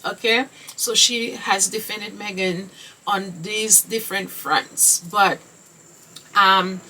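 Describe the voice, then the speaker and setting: A woman's voice: mid-range voice, sharp tone, recorded from a distance, rough recording. A woman hosting a solo podcast, talking earnestly and emphatically, with rhetorical questions and frequent "okay?" asides. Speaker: podcast host.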